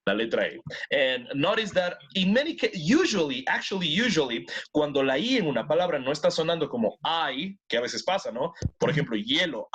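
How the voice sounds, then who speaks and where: In an online lesson, a bilingual English teacher who first spoke Spanish encourages his students, swaps between both languages, and repeats words for drilling. His voice is medium-pitched, fairly bright and slightly rough.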